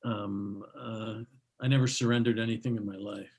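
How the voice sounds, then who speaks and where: A man's voice: on the low side, steady tone, moderate pace, husky. A man hosting a live online comedy show, introducing the next comic with rambling jokes and lots of fillers.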